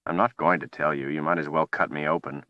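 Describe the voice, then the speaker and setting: A man's voice: extremely low pitch, steady tone, fast, no room sound, muffled recording. A man voicing a defiant young male hero in an audiobook, speaking bluntly and stubbornly. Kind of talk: audiobook character voice.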